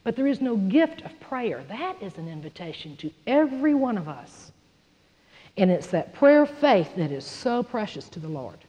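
A woman's voice: medium pitch, normal speed. Lady preaching, acts out bits, muffled sound with long hall echo. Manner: animated, acts out little scenes, conversational. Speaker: Bible teacher. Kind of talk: sermon.

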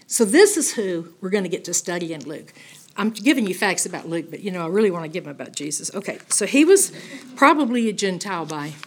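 Woman, middle-aged, Bible study teacher, breathy and somewhat low voice, emphatic conversational teaching. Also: fast talker. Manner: animated, emphatic, conversational with frequent "okay?".

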